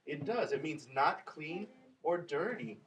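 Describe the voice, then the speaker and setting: A woman's voice: low-pitched, lively intonation, a little slow. A female teacher leading a vocabulary lesson for second graders, encouraging them with questions. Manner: encouraging, prompting children with questions. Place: classroom with children. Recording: noisy classroom full of children. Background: children chattering.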